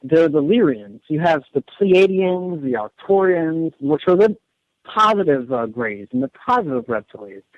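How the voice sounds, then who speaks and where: Man, radio guest, earnest, rambling, stumbles and repeats words, fairly high voice, dry dull recording. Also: big pitch swings, normal speed, dry recording. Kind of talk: casual radio interview.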